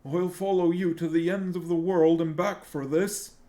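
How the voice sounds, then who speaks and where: A worn-out, starving serf with a dull, deadened voice pitched a little above the reader's own, as a man reading aloud plays him. His words come out flat and hopeless, with a shaky quaver underneath. Storybook reading. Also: moderate pace, lightly acted.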